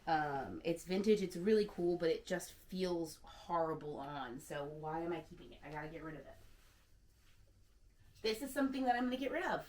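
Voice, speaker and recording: A candid, chatty woman in her thirties, talking on camera at home with a low, easy voice. She keeps it loose, with lots of little "like"s, in a casual vlog. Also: animated, moderate pace, a little mellow. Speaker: secondhand stylist.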